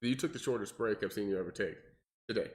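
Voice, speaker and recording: A young man, a personal trainer, explaining workouts in casual podcast chat and acting out clients in mocking voices. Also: fast. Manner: animated, acts out clients with high mocking voices.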